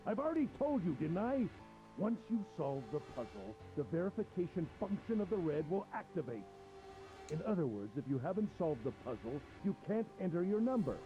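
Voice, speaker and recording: A man's voice: high voice, big pitch swings, brisk, mellow, muffled recording, faint music behind, pitched above the performer's own voice. A man voicing a cruel, mocking male villain who taunts his captive in a theatrical way. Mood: gloating, mocking.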